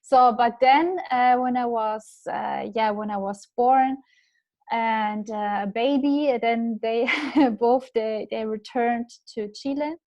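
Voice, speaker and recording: German-accented woman in her thirties, pitched a little high and taking her time, halting speech with lots of laughs, chatting as a podcast guest. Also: lo-fi sound. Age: 30s. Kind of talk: casual interview chat.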